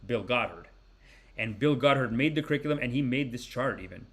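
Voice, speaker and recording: A man in his forties hosting a podcast, giving rambling, animated, mock-preachy comic commentary. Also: medium pitch, fairly quick. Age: 40s. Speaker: podcast host. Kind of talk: comedic commentary.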